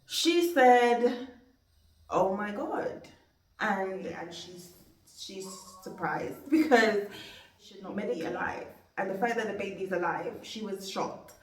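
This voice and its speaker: Speaking a little slowly in a mid-range, slightly bright voice, a young woman from Jamaica shares a personal story on her vlog. It's an emotional, wandering, faith-filled account, picked up in a roomy space some distance from the microphone.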